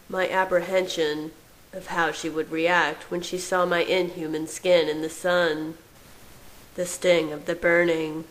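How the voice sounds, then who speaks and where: Woman narrator, low voice, unhurried storybook reading. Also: low-quality recording. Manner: slow, soft and measured. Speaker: fan fiction reader.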